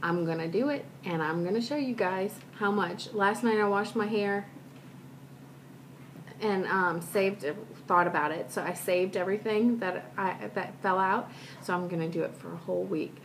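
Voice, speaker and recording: A woman talks straight to her vlog audience, rambling through a personal story with self-deprecating asides and many restarts. Her voice sits at an ordinary middle pitch, with a faint hiss in the background. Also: normal speed. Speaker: vlogger. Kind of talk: casual chat, personal storytelling.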